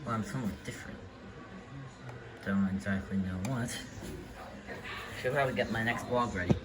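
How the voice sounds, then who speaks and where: A man's voice: lowish voice, normal speed. Sarcastic young man, noisy amateur recording. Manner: sarcastic, rambling, stammering restarts. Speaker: amateur voice actor. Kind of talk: fan animation voice acting. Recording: loud background noise with typing clicks.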